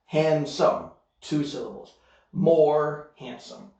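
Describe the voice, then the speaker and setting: A man's voice: on the high side, lively intonation, slow, darkish tone. A man teaching English in a recorded online lesson, explaining patiently step by step and often checking in with "okay?". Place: Korea. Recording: echoey room, muffled sound.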